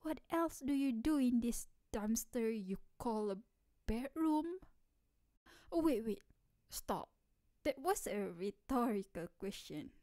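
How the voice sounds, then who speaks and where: Actress as playful tomboy best friend in ASMR role-play; mellow, unhurried, teasing. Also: female voice, a little high, dry recording, studio quality. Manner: teasing, playful, laughs often. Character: energetic teasing tomboy childhood best friend, young woman.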